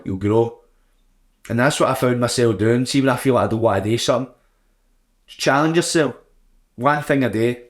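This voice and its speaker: A young man chatting casually and bluntly on his podcast, swearing freely as he tells a story. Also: medium pitch. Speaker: podcast host. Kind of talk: casual solo chat.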